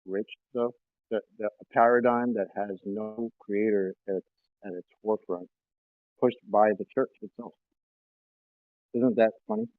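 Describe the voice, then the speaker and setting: This is a man with a low voice coming through a thin, muffled Bluetooth line that sounds like a phone. He asks his question in a wry way during a live-stream panel. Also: fairly even intonation, unhurried, pauses often, no echo. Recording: muffled Bluetooth call audio.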